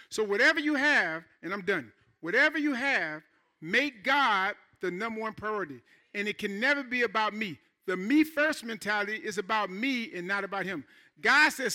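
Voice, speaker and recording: Bright-voiced animated male pastor preaching. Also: high voice, normal speed. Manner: animated, conversational preaching with call-and-response asides. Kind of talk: sermon. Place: church.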